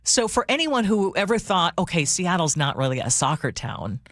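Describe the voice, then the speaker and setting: A woman's voice: fairly low pitch, big pitch swings, moderate pace, fairly bright tone, no room sound. A woman hosting a radio talk show, upbeat and enthusiastic, on a studio mic. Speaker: radio host.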